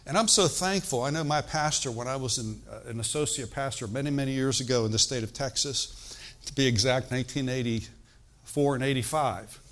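Here an older pastor teaches from the pulpit in a loose, conversational manner, regularly drawing the congregation in with call-and-response asides. He has a medium-pitched, somewhat bright voice and moves at a brisk clip.

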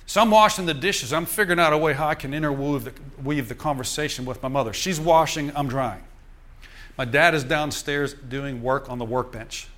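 An older man preaching in a church, telling a personal story to the congregation in lively storytelling fashion with chuckles. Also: a little high, a little fast. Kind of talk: sermon testimony.

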